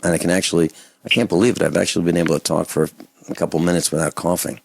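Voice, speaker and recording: A man's voice: level tone, very fast, vocal fry, breathy edge, no room sound. Indignant male radio host, dry sound. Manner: impassioned, indignant, swings between loud outbursts and low muttering. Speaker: radio talk show host. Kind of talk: call-in radio talk, ranting monologue.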